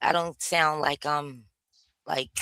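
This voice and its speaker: A woman from California with a Californian accent, talking in a relaxed, low-key way in a casual chat. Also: slow pace, clear, resonant tone, no room sound.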